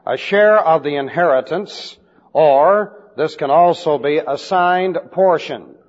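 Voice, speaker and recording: Man teaching scripture in a reverberant hall. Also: fairly high pitch. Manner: spells out Greek words letter by letter; slow, deliberate emphasis on key phrases. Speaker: pastor. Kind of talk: expository Bible teaching. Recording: dull lo-fi recording with long hall reverb.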